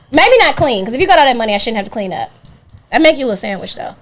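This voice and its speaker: A young woman co-hosting a podcast, trading blunt, deadpan comebacks in casual banter. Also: on the high side, racing. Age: young adult. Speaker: podcast co-host.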